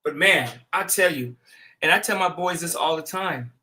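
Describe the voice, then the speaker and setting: At normal speed and with a slightly high voice, a male show host shares stories in a relaxed, slangy style. He brings them to life by acting out quotes and laughing.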